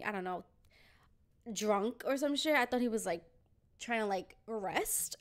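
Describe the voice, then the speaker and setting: A young woman hosting a podcast, telling a story in a lively, profane way and acting out the people in it. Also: a little high. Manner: animated, swears a lot, acts out the people in her story. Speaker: podcast host.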